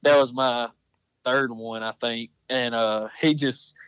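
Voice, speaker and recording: Guy telling a hunting story, keeps restarting and correcting himself, mid pitch, dry mic. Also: fairly even intonation, slow, a bit bright, clean tone, dry recording, poor audio. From Texas. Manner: rambling, self-correcting storyteller. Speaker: podcast guest, apparel company founder. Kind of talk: casual storytelling chat.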